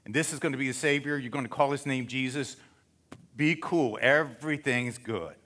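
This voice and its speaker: A pastor doing a chill, reassuring angel. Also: male voice, mid-range voice, normal speed. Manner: relaxed, easygoing. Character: laid-back, reassuring angel messenger.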